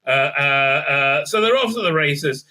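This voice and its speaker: High, sharp-toned male reviewer, halting and exasperated. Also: expressive. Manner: hesitant, heavy filler sounds, exasperated outbursts. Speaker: TV episode reviewer. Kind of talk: rambling recap and review.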